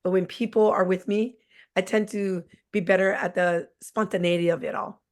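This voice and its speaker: A woman in her forties, a teacher and guest, recounts classroom stories in a blunt, candid, joking conversational way. Her voice is mid-range with fairly even intonation, at a moderate pace.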